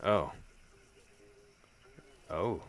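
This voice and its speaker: Male let's-play host, low and very animated, cracking crude jokes through a horror game. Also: drawn-out words. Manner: joking, crude humor, frequent laughter. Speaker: gaming video host.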